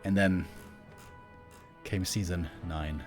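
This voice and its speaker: A man commentating a strategy game match solo, chatty and excitable, laughing often and rambling off-topic. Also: mid-range voice, measured pace, long pauses, music in the background. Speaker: esports caster.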